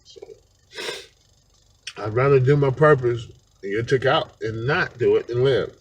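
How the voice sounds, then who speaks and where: A man's voice: mid-range voice, measured pace, highs cut off, a little hiss or hum. A man talking straight to camera in an unscripted monologue, rambling and slangy and often breaking into laughter. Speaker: vlogger.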